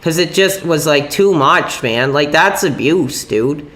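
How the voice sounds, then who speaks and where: A man's voice: fairly high pitch, expressive, a little slow, fairly bright tone. A young man live-streaming from home, rambling casually and agitatedly, with frequent "dude" and minced swears. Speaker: livestreamer. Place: at home, upstairs room.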